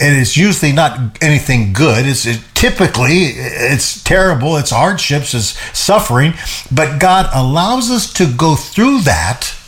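A man with a mid-range voice co-hosts a show, teaching a Bible passage in a lively way. He often repeats himself and laughs as he explains.

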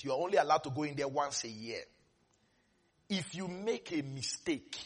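A man preaching a sermon dramatically, swinging between quiet asides and sudden shouts with laughter. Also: fairly high pitch, slightly rough.

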